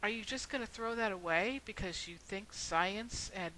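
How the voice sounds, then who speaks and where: A woman's voice: medium pitch, moderate pace, sharp tone, slight background noise, low-quality recording. A woman video blogger telling a story and then making an earnest, rhetorical argument.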